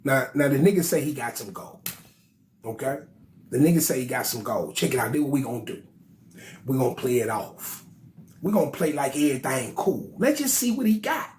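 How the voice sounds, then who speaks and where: A man voicing a male alien king who quietly plots with his counsel in slang. The voice sits well below his own. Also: medium pitch, very animated, a little fast, roomy sound, a little hiss or hum, pitched below the performer's own voice, natural voice. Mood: scheming. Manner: hushed, conspiratorial. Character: scheming male alien king, low and plotting.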